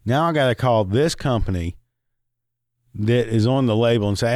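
A man's voice: mid-range voice, moderate pace, pauses often, a little mellow, no room sound, clean studio sound. A man hosting a podcast, ranting angrily with constant swearing and rambling asides, breaking into short laughs. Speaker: podcast host. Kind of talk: profane rant.

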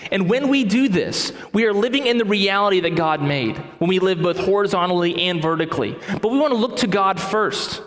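A man's voice: high-pitched, fairly bright tone. A man preaching a sermon as pastor, with emphatic delivery that repeats key phrases. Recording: echoey hall with long reverb.

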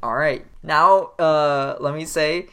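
A man's voice: on the high side, slow, clean tone. A man hosting a podcast, chatting casually and laughing often while he runs a game. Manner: laughs often, stammers when excited. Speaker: podcast host. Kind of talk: casual chat, running a game segment.

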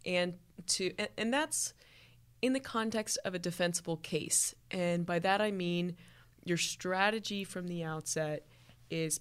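A woman, a defense attorney co-hosting a podcast, explaining legal steps plainly and steering the talk back on track. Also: lowish voice.

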